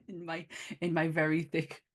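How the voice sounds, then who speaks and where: A woman's voice: low-pitched, fairly even intonation, measured pace. A woman hosting a podcast in casual chat, chatty and laughing often. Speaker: podcast host.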